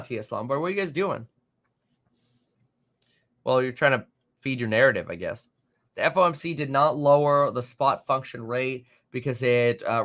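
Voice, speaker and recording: A man hosting a live market stream, reading viewer comments aloud and reacting in an animated, exasperated, rambling way with many fillers. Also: medium pitch. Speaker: market livestream host.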